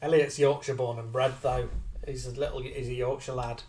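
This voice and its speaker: A man's voice: medium pitch, far from the mic. Chatty man, slightly off-mic. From Liverpool. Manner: chatty, animated, quick to laugh. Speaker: co-host of a live chat show. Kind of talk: casual chat reading viewer comments.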